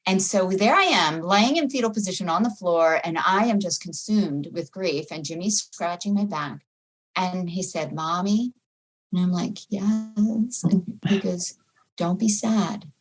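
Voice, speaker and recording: A middle-aged woman with a lowish voice tells her own story of grief as an interview guest. She speaks in an emotional, reflective way. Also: normal speed. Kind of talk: personal testimony in a podcast interview.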